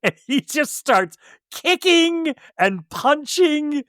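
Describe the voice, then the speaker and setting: A man's voice: extremely high pitch, big pitch swings, slow, bright, forceful tone, no echo, clean studio sound. A man co-hosting a casual movie podcast, recapping scenes for listeners in a conversational way. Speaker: podcast co-host. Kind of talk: casual movie review chat.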